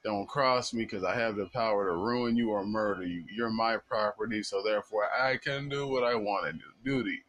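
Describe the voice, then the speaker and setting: A man's voice: fairly low pitch, normal speed, hardly any pauses, a bit bright, dry recording. Man reading a cruel, taunting slave master in his own voice. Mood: menacing taunt. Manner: taunting, menacing.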